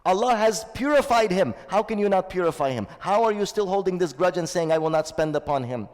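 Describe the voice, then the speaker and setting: A man's voice: high voice, animated, fairly quick, a little mellow, in a large hall. A man delivering a sermon as a shaykh, earnest and repeating his key phrases, with stretches of Arabic recitation. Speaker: shaykh giving a Ramadan talk.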